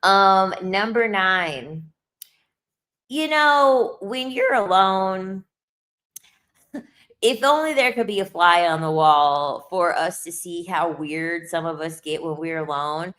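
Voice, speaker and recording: A woman's voice: on the low side, lively intonation, slow, fairly bright tone. A young adult woman talking straight to camera in a casual monologue, blunt and emphatic, repeating lines for effect with sassy asides. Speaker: video creator.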